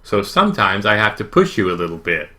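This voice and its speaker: A man's voice: on the low side, very animated, fairly quick, sharp tone. A man reading aloud and voicing a pushy, confident boy who is a gamer friend, with little change from his own voice. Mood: insistent.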